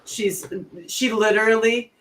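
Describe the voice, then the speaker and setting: A middle-aged woman chatting casually, telling animated stories and laughing often. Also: on the high side, measured pace. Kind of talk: casual chat.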